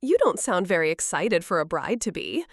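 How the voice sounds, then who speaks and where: A loving older grandmother talks gently but plainly, read by a woman narrator. Her voice moves up and down with lively expression. The sound is dry and close. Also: on the low side, moderate pace, no echo. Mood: tender. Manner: gentle, reassuring, plain-spoken.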